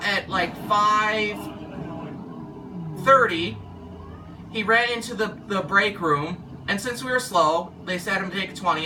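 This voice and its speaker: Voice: mid-range voice, distant mic, background noise. A former car wash worker telling a story casually, rambling and losing track of the thread. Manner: rambling, loses track and restarts.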